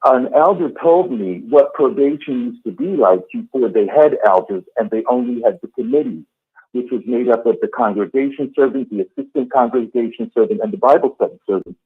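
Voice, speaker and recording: A man calls in as a guest and explains things earnestly. His voice is husky and comes through a tinny phone-line call. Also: medium pitch, fairly quick. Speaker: quiz contestant and guest. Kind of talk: casual storytelling.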